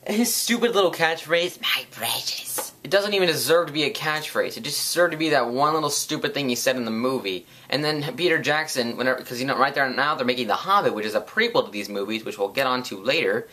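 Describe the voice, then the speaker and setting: Sarcastic ranting guy, bright voice. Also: medium pitch, expressive, fast talker, hardly any pauses. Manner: sarcastic, profane, rambling. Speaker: vlogger. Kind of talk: comedic rant.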